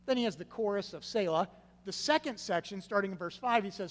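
High-voiced man preaching in a reverberant hall. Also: animated, fairly quick. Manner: swings from loud emphatic stresses to hushed low phrases. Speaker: pastor. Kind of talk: sermon. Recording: long reverb with faint hum.

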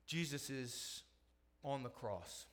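A middle-aged man, a pastor, preaching a sermon, moving from hushed storytelling to loud, impassioned preaching. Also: mid-range voice, lively intonation, takes it slowly.

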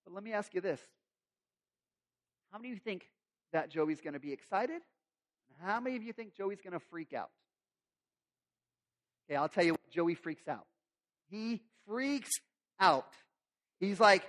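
A man's voice: high voice, animated, measured pace, long pauses, fairly bright tone. A male pastor preaching a sermon in a conversational, storytelling way with humorous asides.

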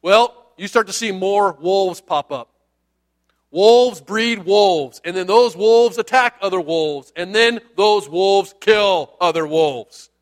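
A man's voice: sits high, slow. A man, a pastor, giving a sermon in a conversational, jokey way with asides to the listeners.

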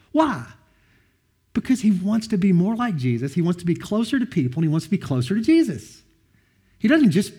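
A middle-aged man preaching with a lively, rising and falling voice. His tone is slightly husky, and he moves easily between earnest teaching and relaxed storytelling from his own life. The pitch sits a little high for a man. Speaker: pastor. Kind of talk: sermon.

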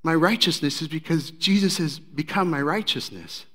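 Man preaching an animated sermon. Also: a little high, moderate pace. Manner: animated, conversational storytelling. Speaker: pastor.

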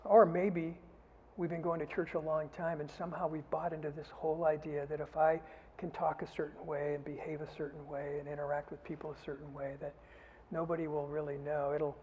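A man preaching a sermon as pastor, earnest and often dropping to a soft, intimate delivery. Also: a little high, little pitch movement, brisk, dull audio, slight background noise. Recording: long hall reverb.

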